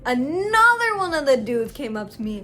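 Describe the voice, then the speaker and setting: A young adult woman telling a story-time vlog in a slangy, animated way, with big swings in loudness. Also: high-pitched, moderate pace, slight background noise. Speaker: vlogger.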